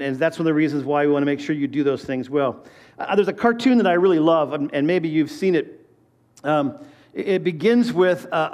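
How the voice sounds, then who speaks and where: High-voiced preacher in his fifties. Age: 50s. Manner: conversational preaching with personal stories and questions to the congregation. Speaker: pastor. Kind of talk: sermon.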